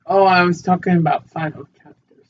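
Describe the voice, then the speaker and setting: A man's voice: high voice, steady tone, brisk. A man co-hosting a casual podcast with an easygoing manner and dry wisecracks, recorded with a dull lo-fi sound and faint hiss. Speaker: podcast co-host. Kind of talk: casual chat.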